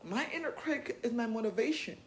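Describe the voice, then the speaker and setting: A woman's voice: a little high, lively intonation, fairly quick, a little hiss or hum. A woman hosting a podcast, giving casual self-help talk in a blunt, profane and playful way. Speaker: podcast host.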